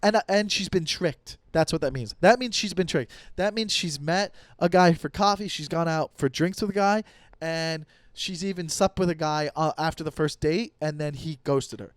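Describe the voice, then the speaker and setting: A young man hosting a comedy podcast, ranting profanely about dating apps and acting out quick quoted voices. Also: a little high, no room sound. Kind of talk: solo comedic podcast rant.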